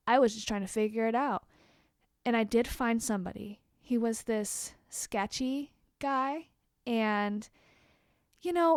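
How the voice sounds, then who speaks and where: Young woman, vlogger, storytime rant, swears freely, bit high voice, dry close sound. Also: no echo. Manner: candid and expressive, swears freely, quick asides to viewers.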